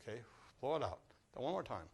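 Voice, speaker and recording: In a classroom or rehearsal room with a live audience, an older man runs a brass master class, coaching students directly through breathing exercises and cracking jokes. His medium-pitched voice is very animated, gravelly, and breathy at the edges, and he talks fast.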